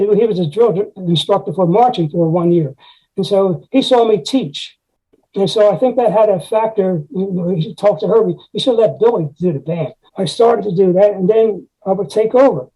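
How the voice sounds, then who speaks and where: Older man with a husky, mellow voice. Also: high-pitched, normal speed, low-quality recording. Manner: rambling anecdotes with frequent "you know" and scat-sung articulations. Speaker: retired music teacher. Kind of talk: conversational storytelling interview.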